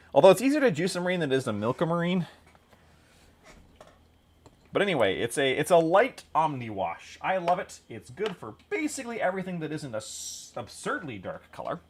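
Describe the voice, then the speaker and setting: A man hosting a hobby stream, chatting casually and rambling with jokes while he paints miniatures. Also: mid-range voice. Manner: jokey, rambling, laughs at own jokes.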